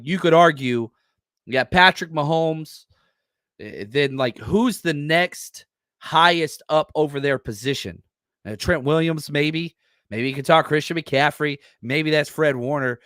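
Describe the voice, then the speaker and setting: A man hosting a podcast, talking casually and excitedly about football with rambling asides. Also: fairly high pitch, no room sound, clean studio sound. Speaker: podcast host. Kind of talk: casual sports commentary.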